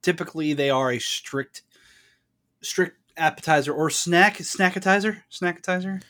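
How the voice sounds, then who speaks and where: A man's voice: fairly high pitch, moderate pace, fairly bright tone. A man co-hosting a podcast, chatting in an easygoing way and telling stories with little laughs. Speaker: podcast co-host. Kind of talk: casual chat.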